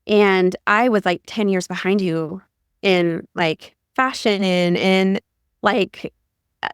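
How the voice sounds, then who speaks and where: A woman's voice: medium pitch, slow, clean tone, no echo, clean studio sound. A middle-aged woman from Ohio co-hosting a podcast, chatting casually and rambling with many "like"s. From Ohio, USA. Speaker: podcast co-host. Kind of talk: casual conversation.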